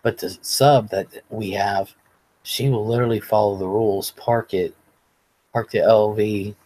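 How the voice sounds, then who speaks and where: A man's voice: lowish voice, a little mellow, low-quality recording. A man hosting a casual livestream, telling rambling, profane stories and chatting with viewers. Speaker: livestream host.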